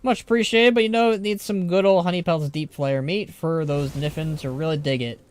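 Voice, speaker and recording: A man's voice: fairly high pitch, fairly even intonation, brisk, smooth, no echo, natural voice. A man voicing a cheerful, chatty male mole trader in a put-on American Southern drawl. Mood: hearty. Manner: hearty drawl, loud and bouncy.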